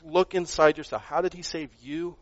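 A man preaching a sermon, earnest, rising to loud emphasis and dropping to quiet asides, often repeating words as he goes. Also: a little high, fairly even intonation, moderate pace, dull audio. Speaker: pastor.

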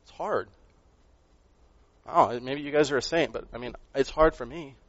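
A man preaching a sermon, earnest, rising to loud emphasis and dropping to quiet asides, often repeating words as he goes. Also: mid-range voice, moderate pace, dry recording, muffled recording. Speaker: pastor.

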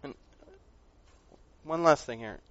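A man's voice: medium pitch, slow pace, no echo. Earnest preaching man, dull dry sound. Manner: earnest, swings between loud emphasis and quiet asides, repeats words. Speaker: pastor. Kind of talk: sermon.

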